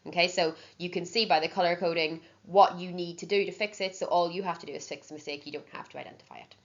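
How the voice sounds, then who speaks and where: A woman's voice: lowish voice, fairly even intonation, quick pace. A woman teaching an exam-prep language lesson, explaining patiently step by step and checking in with frequent "okay"s. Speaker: Spanish teacher. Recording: dull lo-fi sound.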